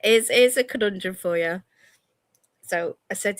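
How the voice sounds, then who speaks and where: Stories about her kids and frequent laughter fill this radio co-host's casual chat, with dialect forms such as "me" for "my". She has a medium-pitched voice, a moderate pace, and a dry recording.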